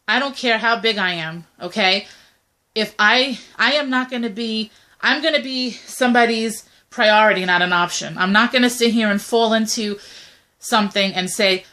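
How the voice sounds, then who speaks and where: A woman's voice: a little high, normal speed, bright, forceful tone. A young woman co-hosting a casual talk video, speaking bluntly and animatedly, often acting out quoted messages. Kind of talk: casual opinionated chat.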